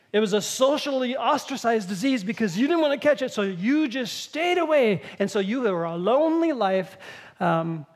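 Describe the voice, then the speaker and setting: A woman preaching a sermon, telling Bible stories in a lively way and acting out the quoted lines. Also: a little high.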